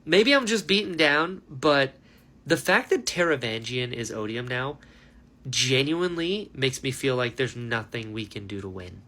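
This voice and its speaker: A man's voice: mid-range voice, measured pace. A man hosting a book reaction video, talking in a casual, chatty way and saying "like" and "dude" a lot. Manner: animated, chatty, heavy use of "like" and "dude".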